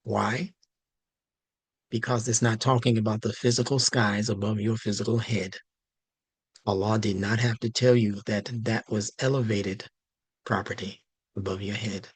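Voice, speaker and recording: A male instructor giving a slow, emphatic religious language lesson, stressing key words. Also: fairly low pitch, steady tone, slightly rough, dry recording. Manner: slow, deliberate, emphatic teaching.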